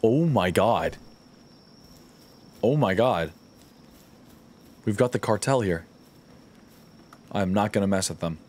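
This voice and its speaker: A man's voice: on the low side, animated, slow pace, long pauses, darkish tone. A man streaming a game live, joking and swearing as he talks to his chat and the game characters.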